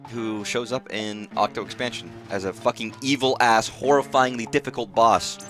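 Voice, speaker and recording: A man's voice: medium pitch, fairly even intonation, normal speed, over music. A man giving casual, profane, rambling commentary while streaming a video game live. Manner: rambling, profane, restarts phrases.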